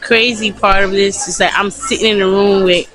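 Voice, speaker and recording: A woman's voice: medium pitch, fairly even intonation, moderate pace, a bit bright, faint music behind. A young woman vlogging casually into a phone held at arm's length, chatty and self-mocking, rambling and laughing often. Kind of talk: casual vlog chat. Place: bathroom and hotel, indoors.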